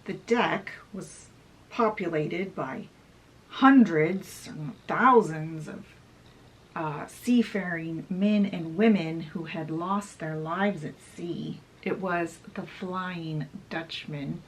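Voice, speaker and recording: A woman's voice: lowish voice, slow pace, poor audio. A woman casually retelling a book's story, chatty and full of fillers. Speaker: book channel host. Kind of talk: casual book summary retelling.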